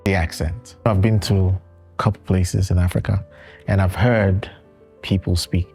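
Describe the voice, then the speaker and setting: A man from Nigeria on a discussion panel, telling an animated anecdote in casual chat. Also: normal speed, creaky, slightly rough, soft background music. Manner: animated, jumps high when quoting.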